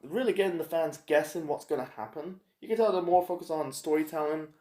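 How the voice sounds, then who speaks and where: A man casually reviewing a TV episode, rambling and halting with lots of fillers and restarts. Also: on the high side, mellow. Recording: echoey room.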